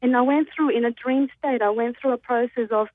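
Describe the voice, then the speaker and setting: A woman's voice: a little high, steady tone, brisk, slight background noise. Nervous woman caller on a tinny phone line. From Australia. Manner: nervous, hesitant, full of ums. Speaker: radio caller. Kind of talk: call-in storytelling.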